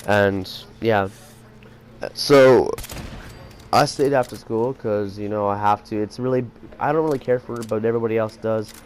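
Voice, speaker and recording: A teenage boy rambles through a casual school story, leaning on fillers like "you know" and "like." His voice sits a little low for his age. A faint hiss of noise hangs behind him. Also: moderate pace. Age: teens. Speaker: vlogger.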